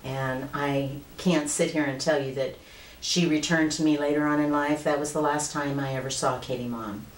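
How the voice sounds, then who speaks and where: A woman's voice: low voice, steady tone, moderate pace, echoey room, low-quality recording. A woman in her late fifties earnestly telling a personal story to the camera in a conversational way. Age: 50s. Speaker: vlogger.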